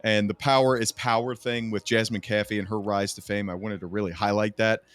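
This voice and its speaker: A man's voice: on the low side, little pitch movement, a little fast, a bit bright, dry recording. A man talking casually and enthusiastically on a podcast, rambling through his thoughts. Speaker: podcast guest. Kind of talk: casual chat.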